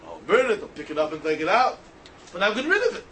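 Style Talmud teacher, male, bright sharp tone, sing-song and animated, faint ambient hum. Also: high-pitched, fast talker. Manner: animated, mixes Hebrew, Aramaic and Yiddish terms into English, sing-song reasoning. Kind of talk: yeshiva-style Talmud lecture.

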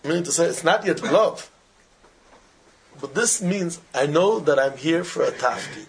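A man teaching an informal religious class, telling animated everyday stories in simple, broken English with Hebrew and Yiddish terms mixed in. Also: fairly high pitch, measured pace, a little hiss or hum. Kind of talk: informal Torah talk with stories.

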